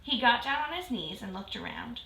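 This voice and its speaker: A woman reading a children's book aloud in a clear, steady storytelling manner. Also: fairly high pitch, normal speed. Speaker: reader. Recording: roomy echo.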